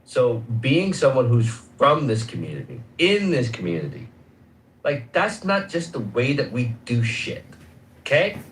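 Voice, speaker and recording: A man's voice: mid-range voice, sing-song, a little slow, a little hiss or hum, poor audio. A man arguing in a heated debate, insistent, swearing and repeating the other man's name. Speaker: debate guest.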